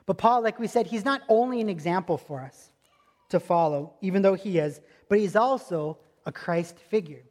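A man's voice: high voice, darkish tone. A man preaching a sermon as pastor, earnest and emphatic, driving points home through repetition. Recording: long hall reverb.

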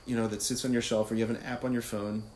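A man giving an informal Catholic talk, animated and conversational, often laughing and asking "right?". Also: mid-range voice, rapid-fire, a little hiss or hum. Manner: laughs easily while talking. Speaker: Catholic speaker. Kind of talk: casual faith talk.

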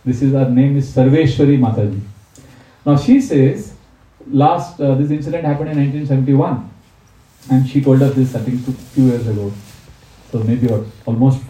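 A man's voice: mid-range voice, expressive, normal speed, long pauses. A man telling stories of monastery life in a spiritual talk, acting out the people he quotes. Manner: warm anecdotal storytelling, acts out the people he quotes. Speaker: monk giving a spiritual talk. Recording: roomy, distant mic.

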